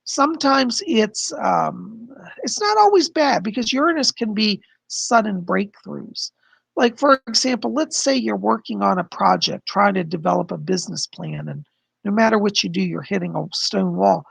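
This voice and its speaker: Gravelly hoarse man giving astrology forecast. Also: high-pitched, expressive, moderate pace, a bit bright, no room sound. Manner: chatty, explains with frequent "okay?" and "you know". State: hoarse, losing his voice. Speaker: psychic astrologer host. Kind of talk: casual livestream astrology forecast.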